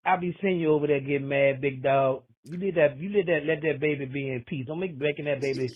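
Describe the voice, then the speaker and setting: Over a tinny phone line, a man with a voice on the high side speaks briskly as he leaves a casual voicemail. The message rambles, full of jokes and slang.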